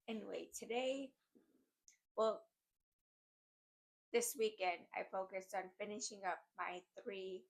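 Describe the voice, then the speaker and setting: A woman's voice: mid-range voice, unhurried, gravelly, pauses often. A woman vlogger chatting casually and giddily to her viewers about her crochet projects, rambling from one thought to the next. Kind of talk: casual chat to camera. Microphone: desk microphone.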